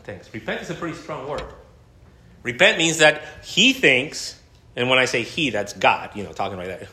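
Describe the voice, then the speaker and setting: Animated preaching man, bright echoey voice. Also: medium pitch, moderate pace. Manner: animated, conversational preaching with laughs. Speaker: pastor. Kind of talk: sermon.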